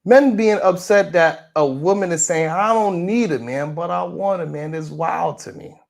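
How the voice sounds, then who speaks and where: A man's voice: high voice, normal speed, gravelly. A man hosting a morning show livestream, chatting casually and joking as he talks straight to his viewers.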